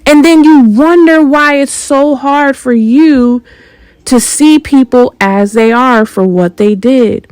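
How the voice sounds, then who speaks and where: Woman, spiritual monologue host, slow deliberate delivery, pointed rhetorical questions, dry close sound. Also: sits high, a little mellow, clear, resonant tone, dry recording, poor audio. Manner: confrontational, rhetorical questions, emphatic.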